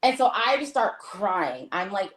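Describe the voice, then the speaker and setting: A woman's voice: medium pitch, measured pace. An American woman telling a travel story in casual talk, acting out the voices of the people in it, with many fillers. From United States. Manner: animated, acts out quoted dialogue, many fillers. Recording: roomy echo.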